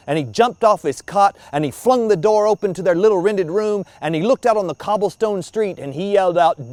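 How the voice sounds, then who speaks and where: A man's voice: high-pitched, animated, moderate pace, few pauses, no room sound. Man telling ghost stories. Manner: dramatic, hushed in places. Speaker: storyteller. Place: outdoor graveyard.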